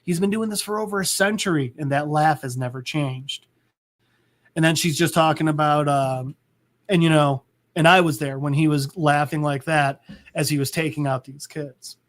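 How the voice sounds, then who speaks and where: A podcast host talks a listener through a comic book scene. His voice sits a bit high for a man. He rambles, stumbles and fills his speech with "like". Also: moderate pace. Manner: rambling, full of "like" and restarts. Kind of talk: casual comic book recap.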